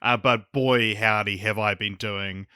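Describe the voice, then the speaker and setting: A podcast co-host who rambles through his points with frequent restarts, in a bright, mid-pitched voice. The recording is dry and close. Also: fairly even intonation, measured pace, clean tone, no room sound. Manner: rambling, full of hedges and restarts. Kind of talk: casual chat.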